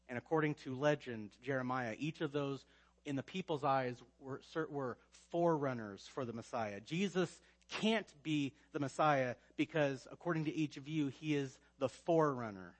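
A man preaching a sermon, emphatic, rising to loud stresses and dropping to quiet asides. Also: medium pitch, moderate pace. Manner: emphatic preaching with swings between loud and quiet, frequent restarts. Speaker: pastor.

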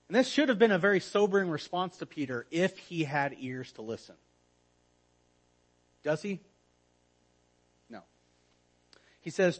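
A man preaching a sermon in an earnest manner, often dropping to a hushed voice for emphasis. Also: medium pitch, low-quality recording. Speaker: pastor.

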